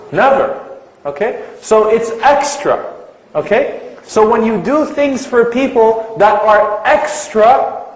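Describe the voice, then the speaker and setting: A man's voice: high voice, roomy sound, rough recording. A man giving an Islamic lecture to a live audience, asking them questions and stretching out key terms for emphasis.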